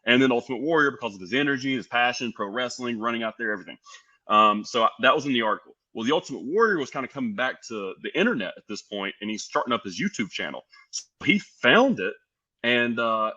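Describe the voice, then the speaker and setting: A young man from the United States telling stories as a podcast guest, lively and animated, acting out what others said. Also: medium pitch, fast talker, dull audio. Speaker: podcast guest, pro wrestler. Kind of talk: casual storytelling.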